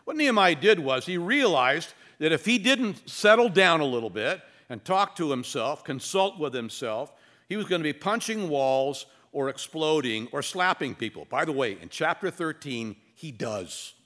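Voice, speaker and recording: Animated pastor man preaching. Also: fairly high pitch. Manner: animated, wry humor with dramatic pauses. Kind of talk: expository sermon.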